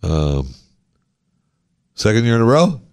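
A man co-hosting a morning radio show, chatting casually and jokily, with frequent pauses and fillers. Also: medium pitch, sing-song, gravelly, clean tone, no echo, clean studio sound. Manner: joking, halting, lots of fillers.

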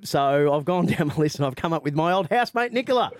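A man's voice: on the high side, lively intonation, slight background noise. A man hosting a radio show, bantering and joking with his co-hosts. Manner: jokey, brisk, laughs often. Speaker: radio host. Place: radio studio.

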